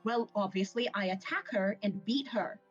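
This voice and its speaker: A woman's voice: medium pitch, normal speed, highs cut off, faint music behind, close to an everyday voice. A woman voicing a vicious, foul-mouthed woman monk who taunts her captive rival, in a tabletop game. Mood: snarling. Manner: crude, taunting, mock-archaic outbursts.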